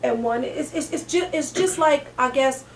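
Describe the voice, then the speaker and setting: A woman comedian co-hosting a casual talk show, animated and quick to laugh, recorded in an echoey room away from the mic. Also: sits high, far from the mic, slight background noise. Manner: animated, breaks into laughs and acted-out quotes. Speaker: comedian co-host. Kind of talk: casual chat.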